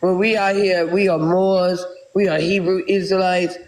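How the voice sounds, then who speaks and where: A woman from South Texas takes her turn in a live online debate. She starts with halting restarts and then argues her point steadily and insistently. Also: lowish voice, flat delivery, a little mellow, rough recording. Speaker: guest speaker in a live audio room.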